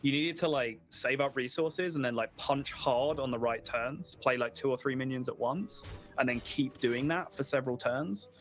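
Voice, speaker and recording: A man's voice: mid-range voice, normal speed, soft background music. A man casting a live card game tournament, explaining plays at length with lots of casual fillers. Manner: analytical, filler-heavy explaining. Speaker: esports caster.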